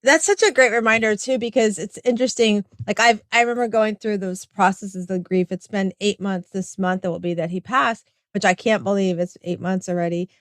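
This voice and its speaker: This is a middle-aged woman hosting a conversational interview. She speaks at a middle pitch and tells personal stories in a loose, chatty way, slipping into the voices of the people she quotes. The sound is close and dry. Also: fairly even intonation, brisk, few pauses, dry recording. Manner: warm, chatty, storytelling, acts out quoted dialogue. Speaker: podcast host. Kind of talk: casual interview chat.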